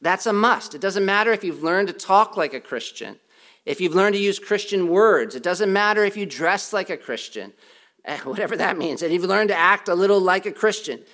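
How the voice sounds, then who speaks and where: High-voiced man preaching emphatically. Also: lively intonation, normal speed, fairly bright tone. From United States. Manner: emphatic, repeats key points, self-deprecating humor. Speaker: pastor. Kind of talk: sermon.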